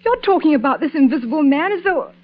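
A sensible young vicar's daughter speaks gently and reassuringly. Her voice is high and lively, and the sound is dull and muffled, like an old radio broadcast. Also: fast talker. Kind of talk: 1940s radio acting.

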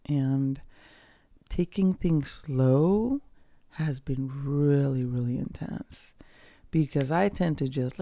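Candid podcast host, reflective personal talk; mellow, gravelly, close and dry. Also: medium pitch, no room sound. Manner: candid, casual, swears freely; slow, pausing delivery with fillers.

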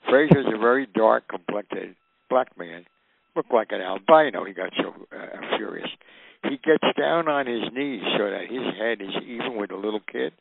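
An older man telling stories in an animated way, acting out the voices of the people in them. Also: fairly low pitch, normal speed, vocal fry, slightly rough, no room sound. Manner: animated, acts out quoted voices. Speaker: guest storyteller. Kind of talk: recounting anecdotes. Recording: tinny phone-like radio line.

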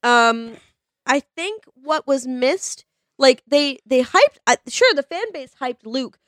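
A woman's voice: sits high, animated, slow, fairly bright tone, dry recording, clean studio sound. A woman co-hosting a casual podcast chat, blunt and swearing freely. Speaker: podcast co-host.

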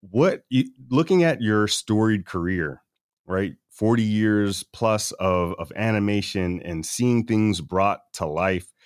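A man's voice: on the low side, animated, slow pace, smooth, no echo, clean studio sound. A man hosting a podcast, asking interview questions with restarts and brief affirmations. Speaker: podcast host.

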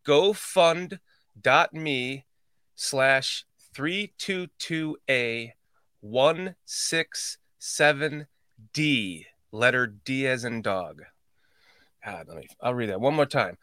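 A man's voice: mid-range voice, animated, slow, pushed and bright, no echo. A man hosting a podcast livestream in casual chat, rambling, swearing and laughing at his own slips. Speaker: podcast host.

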